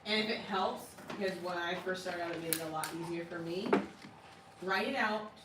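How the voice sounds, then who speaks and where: A woman teaching a small class in a classroom, chatty and quick to laugh, often checking "right?" with her students. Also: on the low side, noisy background. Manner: casual, laughs often, asks "right?" a lot. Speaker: language teacher. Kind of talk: classroom lesson. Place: classroom with a board. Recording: echoey room, recorded from far off.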